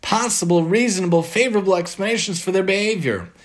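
A man's voice: high voice, fast talker. A man earnestly giving a religious moral lesson and reading a story aloud. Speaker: religious teacher.

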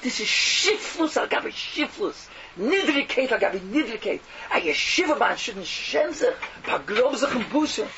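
A man giving a fiery sermon, mocking and animated, swinging from loud outbursts to hushed asides, on a dull lo-fi recording. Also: very high-pitched, normal speed, hardly any pauses, crowd noise. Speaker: preacher. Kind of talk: fiery Yiddish-laced sermon. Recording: dull lo-fi recording with faint noise.

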